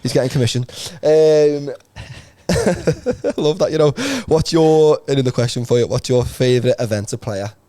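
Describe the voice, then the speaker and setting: A man's voice: mid-range voice, lively intonation, normal speed, dark tone, no echo. A man hosting a podcast, chatting casually with guests in a teasing way, laughing often. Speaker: podcast host.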